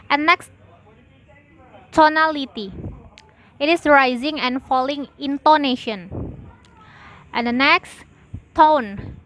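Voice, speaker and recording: In a high, fairly bright voice, a young student woman reads out her class presentation with slow, careful, list-like delivery. The recording is rough, with a little hiss or hum.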